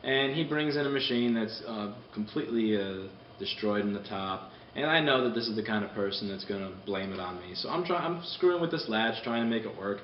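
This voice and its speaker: A man casually ranting on a vlog, animated, rambling and profane, heard from a distance. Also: on the low side, fairly quick, a little hiss or hum. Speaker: repair shop owner vlogging. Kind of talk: casual spoken rant. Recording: distant mic in a roomy space, dull sound.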